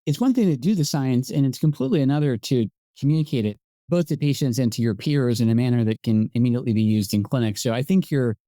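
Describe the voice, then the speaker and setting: Quick, mellow-voiced Scottish-born man as podcast host, reflective and modest, dry close sound. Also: mid-range voice, animated, no room sound. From Scotland. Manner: fast, thoughtful and self-deprecating. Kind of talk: conversational interview.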